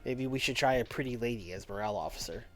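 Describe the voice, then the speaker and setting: A man's voice: medium pitch, quick pace. A man casually talking through a strategy game on a livestream, thinking aloud and addressing his chat. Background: faint background music.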